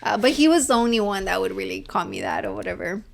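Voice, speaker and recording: A woman's voice: medium pitch, expressive, quick pace, creaky. A young adult woman co-hosting a podcast, telling stories in casual chat and leaning on lots of fillers. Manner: chatty storyteller, many fillers. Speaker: podcast co-host.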